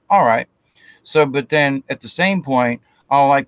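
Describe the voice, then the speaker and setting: A man's voice: mid-range voice, expressive, normal speed, fairly bright tone, no echo. A man giving a casual spiritual talk, rambling with restarts and acting out quotes of himself and others.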